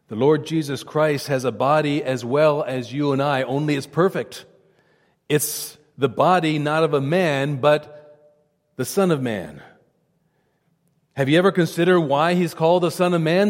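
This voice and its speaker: A man preaching a sermon in an earnest, testifying manner, his voice dropping low and quiet at reverent moments. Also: big-room sound.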